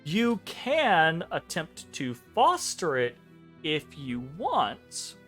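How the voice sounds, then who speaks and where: A man's voice: on the high side, wildly swooping pitch, a bit bright, soft background music. Rambling man running a tabletop game. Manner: rambling, self-correcting, quick laughs. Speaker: dungeon master.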